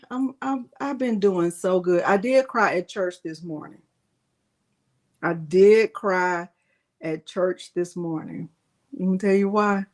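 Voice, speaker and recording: A retired woman, hosting a live crafting Q&A and chatting warmly with viewers by name. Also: medium pitch. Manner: chatty, greets viewers by name, playful fussing. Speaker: crafting livestream host. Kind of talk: live Q&A chat, reading viewer comments.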